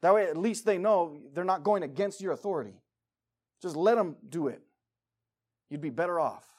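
A man preaching a sermon as pastor, emphatic, swinging between loud urging and quiet pleading. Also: high-pitched, lively intonation, moderate pace.

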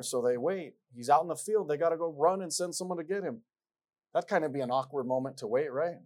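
A man with a slightly high, somewhat mellow voice preaches a sermon at a brisk clip. He reads scripture aloud in King James wording and drives his points home emphatically, repeating lines and posing rhetorical questions.

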